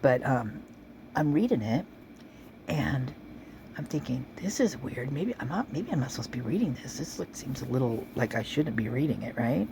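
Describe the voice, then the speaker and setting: Gravelly-voiced woman rambling casually. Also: rumbling low, lively intonation, normal speed, noisy background. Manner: chatty, rambling, chewing while talking. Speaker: vlogger reading police reports.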